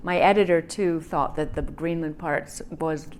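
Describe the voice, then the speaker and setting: A woman guest author answers with wry humor and a ready laugh. Her voice sits a little low, with faint room noise behind it. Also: steady tone, unhurried, a little mellow. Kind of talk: casual conversation.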